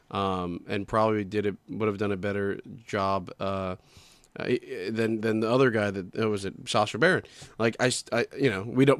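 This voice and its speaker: A man's voice: lowish voice, no echo. Podcast co-host, male, loose rambling chatter with frequent swearing, dry close sound. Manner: rambling, swears often, loses names. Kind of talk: casual chat.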